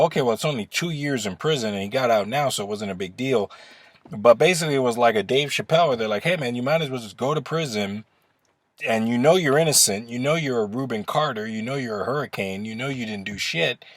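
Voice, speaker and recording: A man's voice: mid-range voice, expressive, a little fast, no room sound. A man ranting in a casual, rambling way, swearing often and restarting his sentences as he goes. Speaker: vlogger. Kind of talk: casual opinion rant.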